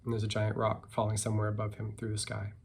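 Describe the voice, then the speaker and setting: A man, a picture book author, reading his story aloud and chatting about it in a relaxed, self-deprecating way. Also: fairly low pitch, fast, a little hiss or hum.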